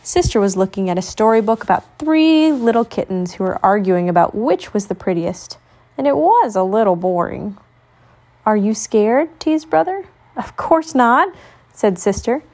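Woman gently reading a children's storybook aloud. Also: medium pitch. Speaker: storybook reader.

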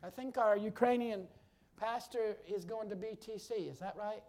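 A man with a strikingly high voice delivers a sermon from the pulpit. He preaches fervently, calling out loudly one moment and dropping to an easy, chatty aside the next. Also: normal speed. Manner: fervent, swings from loud exclamations to quiet chatty asides.

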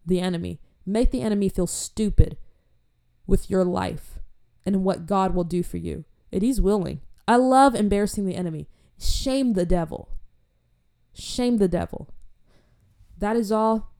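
A woman speaks to listeners about faith in a passionate, chatty way, then goes into prayer. Her voice is mellow and warm, and she keeps repeating short phrases to drive them home. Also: medium pitch, clean tone. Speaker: preacher. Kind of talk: informal faith talk and prayer.

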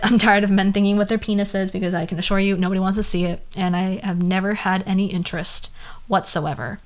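A young woman hosting a podcast, ranting casually in an exasperated, sarcastic way, swearing freely and trailing off into asides. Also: medium pitch. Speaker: podcast host.

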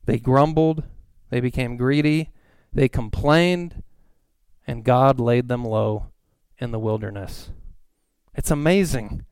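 A man's voice: mid-range voice, darkish tone, smooth, dry recording. Earnest man preaching a sermon. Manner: earnest preaching, rising emphasis on questions. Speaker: pastor.

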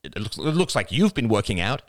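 A man's voice: on the low side, sing-song, brisk, dry recording, clean studio sound, voice pushed up. A man voicing a wry, sociable woman friend in an audiobook, teasing in tone.

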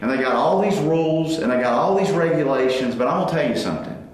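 Animated man in an echoey room. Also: fairly high pitch, fast talker. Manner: animated, acts out family dialogues. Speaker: parenting speaker. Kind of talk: faith-based parenting talk.

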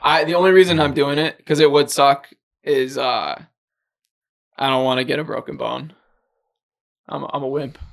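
A man's voice: medium pitch, steady tone, moderate pace, vocal fry, pauses often, rough recording. A young man co-hosting a casual podcast chat, laughing often and restarting his words. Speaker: podcast co-host.

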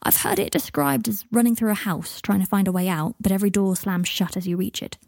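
Casual, blunt young wizard, mellow and dry, voiced by a woman. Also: mid-range voice, lively intonation, a little fast, gravelly, dry recording. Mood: earnest. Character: young adult male wizard, blunt and matter-of-fact.

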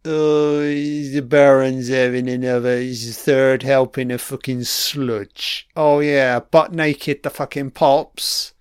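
A man's voice: medium pitch, steady tone, takes it slowly, hardly any pauses, clear, resonant tone, no echo, clean studio sound. A man giving a crude, mocking running commentary on a film, swearing heavily as he reacts.

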